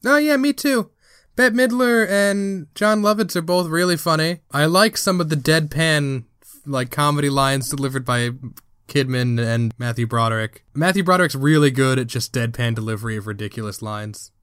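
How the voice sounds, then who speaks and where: A man in his thirties co-hosting a podcast, recapping a movie in a casual, lively way. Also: on the high side, moderate pace, clear, resonant tone, no echo, studio quality. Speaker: podcast co-host. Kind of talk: casual movie review chat.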